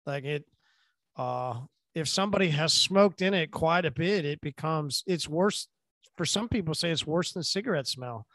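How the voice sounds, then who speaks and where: An easygoing man hosts a relaxed chat and keeps tossing questions to his guests. His voice sits high and the sound is dry and close. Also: moderate pace, no room sound. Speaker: podcast host. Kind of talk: casual chat.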